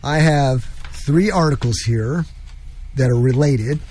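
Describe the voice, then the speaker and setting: A man's voice: mid-range voice, slow pace, darkish tone, husky. A man hosting an opinionated talk show, talking emphatically with frequent restarts. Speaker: show host.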